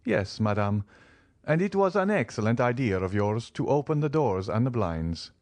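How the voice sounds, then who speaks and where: A man's voice: medium pitch, sing-song, normal speed, darkish tone, no echo, pitched above the performer's own voice. A man reading the part of a reserved, formal nobleman in an audiobook, cool and restrained. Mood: courteous. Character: reserved, guarded nobleman, middle-aged.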